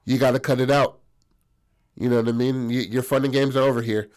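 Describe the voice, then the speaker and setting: A man's voice: mid-range voice, little pitch movement, brisk, a little mellow, lightly acted. A man voicing a stern, bossy circus ringmaster in a told story. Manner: scolding.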